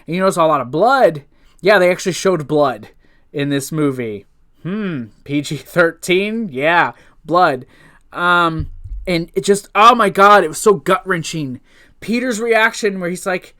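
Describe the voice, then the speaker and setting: A man's voice: high-pitched, animated, measured pace, sharp tone. A man giving a casual, unscripted movie review, rambling with restarts and swearing freely as an eager fan.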